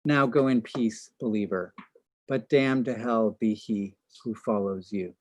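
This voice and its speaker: A man's voice: fairly low pitch, a little slow, a little mellow, no echo. A man reading the part of a tormented young chairman of a feast, speaking in a defiant, impassioned way. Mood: anguished.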